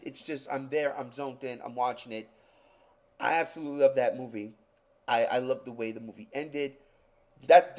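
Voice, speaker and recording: A man co-hosting a podcast, talking about movies in an excitable way with lots of swearing. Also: mid-range voice. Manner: excitable, swearing, re-enacts scenes. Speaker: podcast co-host. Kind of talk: casual movie chat.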